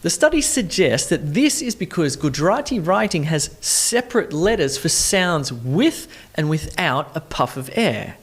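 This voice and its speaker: Accent coach for a scripted explainer, lively pitch, clear and instructive. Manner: clear, explanatory, asks the viewer questions.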